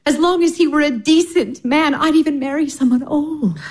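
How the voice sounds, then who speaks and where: An actress playing a gentle, motherly elder sister who soothes and advises in a tender voice. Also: high voice, moderate pace, natural voice. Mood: advising. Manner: soothing, tender, softly persuasive. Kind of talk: stage drama acting.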